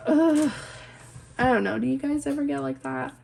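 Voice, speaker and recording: A woman's voice: high-pitched, quick pace, vocal fry. A woman in her twenties, a stay-at-home mom, chatting casually and rambling while she colors, full of "like" and "um". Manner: rambling, heavy use of "like" and "um", self-interrupting.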